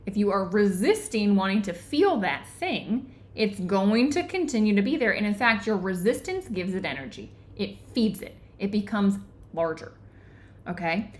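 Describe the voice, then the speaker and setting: A woman hosting an online book club, explaining ideas earnestly and often pausing to check in with her listeners. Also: mid-range voice. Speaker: book club host and teacher. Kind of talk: live online book discussion.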